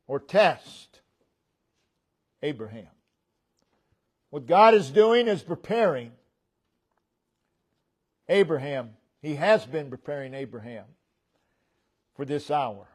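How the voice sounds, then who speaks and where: This is a man preaching a sermon from a church sanctuary, slow and deliberate in his delivery. Emphasis comes with a rising voice, while each phrase settles down low and quiet.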